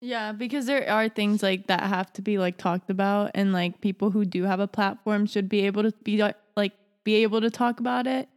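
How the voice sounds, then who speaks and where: A woman's voice: medium pitch, steady tone, a little fast, few pauses, smooth, in a large hall. A young woman co-hosting an advice podcast, rambling casually with many restarts. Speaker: podcast co-host. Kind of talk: casual chat.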